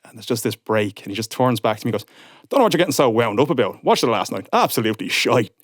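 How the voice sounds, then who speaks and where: A man's voice: mid-range voice, quick pace, no echo, studio quality. A man, a podcast guest in his thirties, telling a story and acting out what people said. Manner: animated storyteller, acts out quotes. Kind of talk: casual podcast chat.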